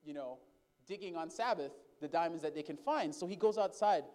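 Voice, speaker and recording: High-voiced man preaching a sermon. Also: a little fast, darkish tone. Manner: addresses the congregation as brothers and sisters; calls for responses from the congregation. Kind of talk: sermon storytelling.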